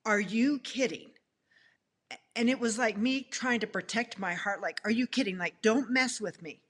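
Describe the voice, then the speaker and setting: A middle-aged woman telling her love story in an animated, expressive way, acting out what she thought at the time. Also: on the high side, normal speed. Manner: expressive, laughing, acts out her own past thoughts.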